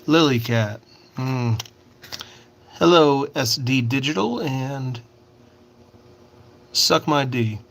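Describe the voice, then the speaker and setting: A man's voice: medium pitch, lively intonation, slow pace, pauses often, a bit bright, slight background noise. A man hosting a casual livestream, reading out and answering viewer comments while he works on a craft project. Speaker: livestream host.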